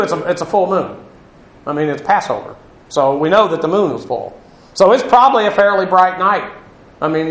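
A man with a high-sitting, fairly bright voice teaches a Bible class, the room echoing around him. He explains Greek words and spells them letter by letter.

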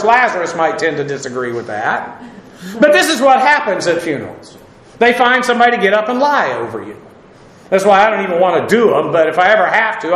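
A man's voice: sits high, fairly bright tone, reverberant. A man preaching a casual sermon, chatty, with wry asides and many fillers.

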